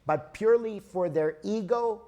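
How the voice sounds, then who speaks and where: A man's voice: sits high, unhurried, warm tone. A man in his sixties giving a spiritual lecture, telling stories in a conversational way to explain his points. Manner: storytelling, conversational, explains with examples.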